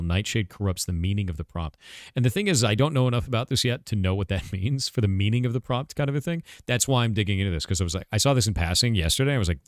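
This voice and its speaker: A man co-hosting a casual tech podcast, relaxed and enthusiastic, with slangy speech. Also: fairly low pitch, no echo, studio quality. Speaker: podcast co-host.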